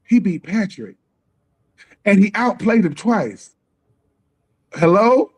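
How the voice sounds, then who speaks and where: A man holds forth on a live sports talk stream, voice pitched high for a man. He talks loose and slangy and keeps slipping into little acted-out bits of other people's lines. The feel is a casual co-host rant. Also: big pitch swings, slow pace. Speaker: podcast co-host. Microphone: live stream call.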